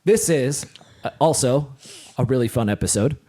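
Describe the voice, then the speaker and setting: Upbeat middle-aged dad co-hosting. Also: male voice, medium pitch, moderate pace, dark tone. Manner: upbeat, laughs often, rambling restarts. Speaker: co-host, father. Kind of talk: casual podcast chat.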